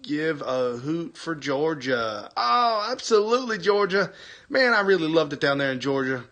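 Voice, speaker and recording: Bright, chatty man hosting a live stream. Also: a little high, sing-song, normal speed. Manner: chatty, enthusiastic, repeats words, laughs often. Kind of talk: casual live-stream chat reading viewer comments.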